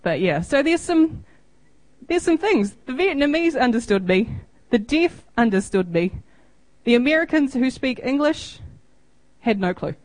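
A woman's voice: high-pitched, sing-song, a little slow, a little mellow, no echo, rough recording. A woman in her thirties with a New Zealand accent, giving an informal, chatty missionary report over photos and acting out little exchanges. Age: 30s. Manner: chatty, self-deprecating, acts out quoted exchanges.

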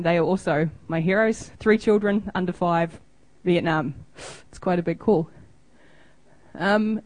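In a mid-range, slightly mellow voice, a thirtysomething New Zealand woman casually narrates a missionary report over photos. She's chatty and self-deprecating and acts out quoted exchanges; the recording is dry and low in quality.

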